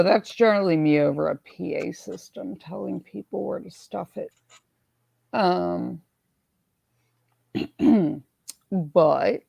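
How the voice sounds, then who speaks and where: A woman hosting a casual live stream, hoarse from swelling in her neck, who chats in a self-mocking way and reads viewer comments aloud. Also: medium pitch, darkish tone, no room sound. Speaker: livestream host.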